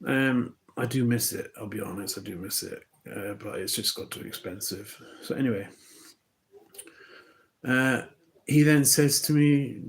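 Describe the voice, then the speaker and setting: A man's voice: mid-range voice, normal speed, vocal fry. A man talking to camera in a loose, rambling monologue, often restarting his sentences. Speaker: vlogger.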